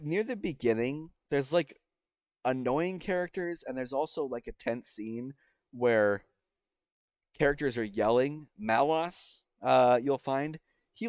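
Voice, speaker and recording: A man's voice: medium pitch, smooth. A young man with an ordinary mid-range voice gives a loose, conversational game review. He talks in a chatty, exasperated way, breaks off mid-sentence and circles back to his point. The sound is dry, with almost no room echo. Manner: chatty and exasperated, with many fillers and self-interruptions. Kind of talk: casual spoken video review.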